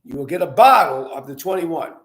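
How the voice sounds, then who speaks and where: An older man hosts his own wine show, chatting loosely and circling back with fillers and false starts. His voice sits slightly high for a man. The sound is roomy, with a clear echo off the walls. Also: animated, a little fast, fairly bright tone. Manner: rambling with many fillers and restarts. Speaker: winery owner and show host. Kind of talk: casual storytelling and wine tasting. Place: indoors at his winery.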